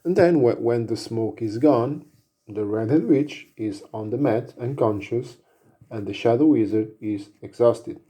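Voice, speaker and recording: A man narrating an action story casually, unhurried, with fillers. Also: mid-range voice, mellow, breathy edge.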